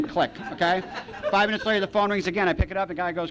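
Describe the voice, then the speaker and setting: Animated man telling a recovery story. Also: racing. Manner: animated storyteller, acts out phone calls, repeats lines for rhythm. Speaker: recovery meeting speaker. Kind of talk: storytelling talk to an audience. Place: meeting hall. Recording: archival talk recording with faint rumble.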